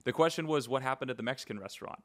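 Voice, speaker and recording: A man's voice: medium pitch, very fast, a bit bright. A man hosting a podcast interview, asking questions in an easygoing, casual way. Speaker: podcast host.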